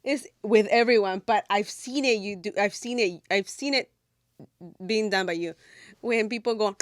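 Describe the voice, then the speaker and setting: A woman co-hosting a podcast in casual chat, animated, repeating words as she thinks aloud. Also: medium pitch, moderate pace, no echo, studio quality. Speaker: podcast co-host.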